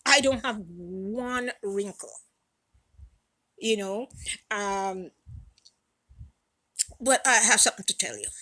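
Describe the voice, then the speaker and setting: A woman's voice: fairly high pitch, low-quality recording. Emphatic profane woman in her sixties. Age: 60s. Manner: emphatic, profane, repeats phrases, swings from soft to loud. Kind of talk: impassioned direct-to-camera talk.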